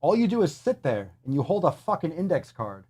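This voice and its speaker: A man's voice: fairly high pitch, sing-song, fairly quick, dark tone, no echo. A man hosting a fitness livestream in casual banter, playful and theatrical, swearing freely. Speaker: livestream fitness show host.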